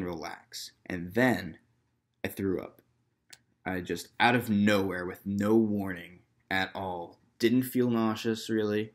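A young man casually telling a personal story to camera in a loose, rambling way, full of fillers and quoted dialogue. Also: low voice. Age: young adult. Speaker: vlogger.

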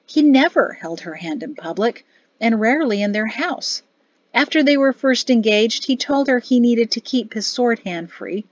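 A woman narrating an audiobook in a measured storytelling voice. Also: mid-range voice, no room sound, dull audio. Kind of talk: scripted narration.

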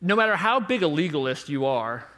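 A man in his thirties preaching a conference sermon with rhetorical questions, moving between hushed and emphatic delivery. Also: on the high side, very animated, a little fast.

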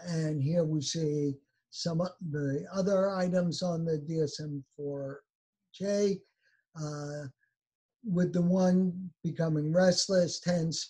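Male academic lecturer, slightly high voice with a husky edge, measured delivery over slides. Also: steady tone, mellow, low-quality recording. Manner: measured, listing findings with frequent uh fillers.

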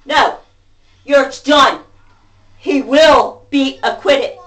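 A woman venting to camera in a profane rant, going from shouting to muttering. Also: high voice, slow, long pauses. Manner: profane, ranting, swings between shouting and muttering. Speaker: vlogger. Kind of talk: angry venting monologue. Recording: voice distant from the mic.

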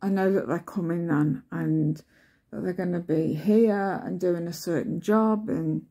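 A woman's voice: on the low side, fairly even intonation, unhurried, mellow, husky. A woman chatting casually at home, cooing to her cat between stories about waiting on workmen. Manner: chatty, coos in baby talk to the cat. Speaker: vlogger. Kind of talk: casual chat to camera while petting cats. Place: home, indoors.

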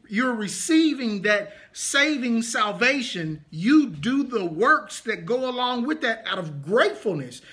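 A man's voice: very high voice, fairly bright tone. A man teaching an interactive Bible study, leaning hard on key points and stretching words for emphasis. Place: congregation meeting room.

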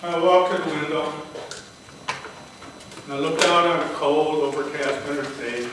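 An older man's level, rather high voice moves a little slowly through a prepared speech-contest story about his own life, delivered with earnest drama. Recorded from afar in a big echoey hall, there is faint ambience and noticeable background noise.

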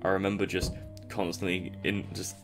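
A man's voice: deep voice, level tone, moderate pace, over music. A young man giving casual, rambling commentary over a survival game, self-mocking and chuckling often. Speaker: gameplay commentator.

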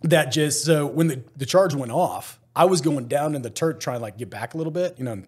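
Husky-voiced man telling war stories. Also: on the high side, a little fast. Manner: animated, acts out other people's lines, laughs often, swears. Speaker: guest, former special forces soldier. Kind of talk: casual storytelling.

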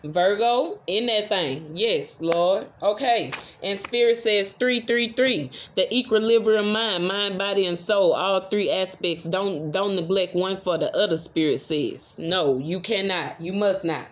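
Woman, tarot reader, casual and profane, repeats affirmations, medium pitch, muffled lo-fi sound. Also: unhurried, few pauses. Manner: chatty, repeats affirmations, swears freely.

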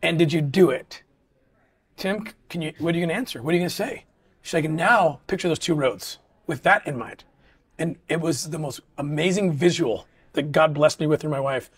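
In this relaxed interview chat, the guest is a middle-aged man whose voice sits a little high and sounds slightly rough. His manner is earnest but halting, with frequent restarts mid-sentence.

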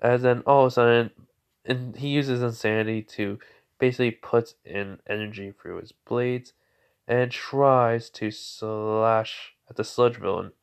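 A man's voice: medium pitch, steady tone, unhurried, clear, resonant tone. Rambling young man telling a story. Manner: rambling, full of "you know" and "as" fillers. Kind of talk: improvised fan-fiction narration.

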